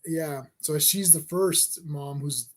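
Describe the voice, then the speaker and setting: Male co-host, casual, rambling, restarts a lot, voice on the high side. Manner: rambling, halting, repeats words. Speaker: podcast co-host. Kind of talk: casual chat reviewing wrestling.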